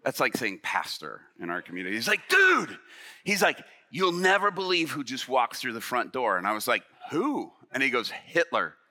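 A male pastor tells a story from the pulpit, playing every part himself and climbing to shouts at the tense moments. His voice is very bright and forward, sitting at an ordinary male pitch. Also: a little fast, hardly any pauses. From Illinois. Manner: animated storyteller acting out dialogue, rising to shouts. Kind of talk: sermon storytelling. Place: church stage.

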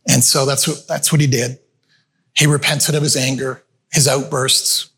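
With a mid-range, slightly bright voice and flat delivery at a moderate pace, a man preaches a sermon in a church meeting room with a screen. He's a pastor who talks conversationally, telling stories and calling his listeners friends.

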